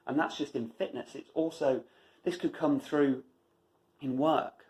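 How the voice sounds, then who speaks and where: A man's voice: medium pitch, a little slow, darkish tone, rough recording. A man delivering an emphatic motivational monologue as a running vlogger, driving points home by repeating phrases.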